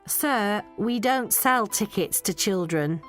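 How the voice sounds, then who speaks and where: A woman's voice: medium pitch, lively intonation, takes it slowly, faint music behind. A woman voicing a polite, formal female airline clerk.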